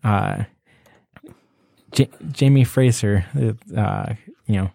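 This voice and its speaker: A man's voice: fairly low pitch, gravelly, dark tone, dry recording, clean studio sound. A man co-hosting a podcast, joking in casual chat. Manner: slow, joking, laughs often. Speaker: podcast co-host.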